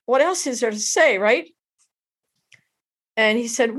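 A middle-aged woman tells an emotional personal story as an interview guest, halting and heartfelt, often restarting her sentences. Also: on the high side, animated, a bit bright, breathy edge.

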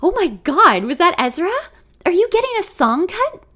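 A woman voicing an excitable young female coworker who gushes in a high, squealing voice. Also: normal speed, exaggerated voice. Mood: thrilled. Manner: gushing, squealing.

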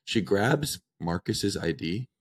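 A young man in his twenties with a very low voice, chatting casually on a podcast. He tells a long story and plays out the dialogue of everyone involved. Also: takes it slowly, husky. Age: 20s. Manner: animated storyteller acting out dialogue. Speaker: podcast co-host.

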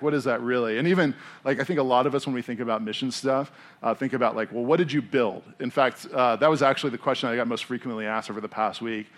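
An American man preaches in a loose, chatty way, as if talking with friends. He tells stories from the pulpit with plenty of fillers and restarts, at a middle pitch. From United States. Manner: animated storytelling with many fillers. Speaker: pastor. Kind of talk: casual conversational sermon. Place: church in Denver.

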